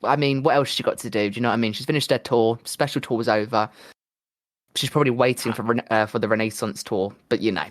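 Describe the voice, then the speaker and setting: A man co-hosting a casual podcast chat, telling stories in an excitable, gushing way with lots of restarts. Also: mid-range voice, fast, dry recording, studio quality. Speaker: podcast co-host.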